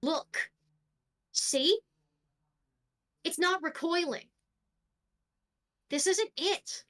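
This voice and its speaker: A calm female circus boss, played by a woman, gives steady, firm orders. Her voice sits on the high side and never wavers. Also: extremely slow, exaggerated voice.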